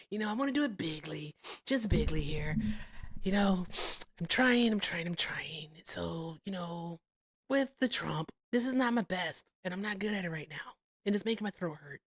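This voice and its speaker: A woman in her fifties hosts a live stream, her pitch leaping around as she jokes with her guests. Her talk is loose, playful and full of laughter. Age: 50s. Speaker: livestream host. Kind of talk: casual chat.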